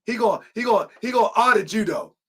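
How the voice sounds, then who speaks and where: A man's voice: high voice, lively intonation, a little fast, a bit bright. A man hosting an online show, reading aloud and reacting in casual slang with frequent laughter.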